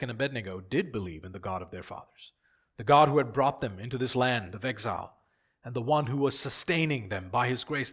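A man preaching a sermon as pastor, swinging from hushed to loud and repeating key lines for emphasis. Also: mid-range voice.

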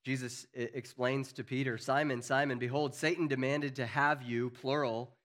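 A man preaching a sermon as pastor, earnest, building to emphatic peaks and then dropping low and quiet. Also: fairly even intonation, normal speed.

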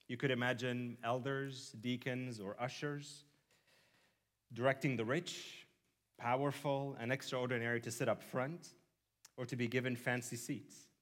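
A man's voice: medium pitch, fairly bright tone. A man preaching a sermon, using humorous, vivid storytelling and asides. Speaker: pastor.

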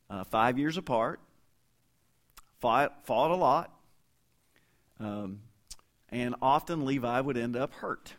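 A middle-aged man preaching a sermon as pastor, in a folksy, conversational way, with stories and asides to the congregation. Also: medium pitch.

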